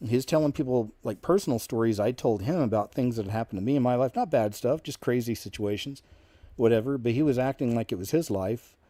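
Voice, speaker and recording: A man's voice: medium pitch, fairly quick, dark tone, dry recording. A man in his fifties, a channel host, telling a personal story casually and rambling into asides. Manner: rambling, with many asides and restarts.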